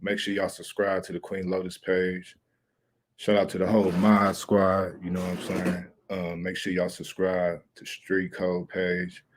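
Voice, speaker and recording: Deep-voiced laid-back male livestream host. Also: monotone, a little slow. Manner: laid-back, rambling, slangy. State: out of breath. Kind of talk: casual livestream chat.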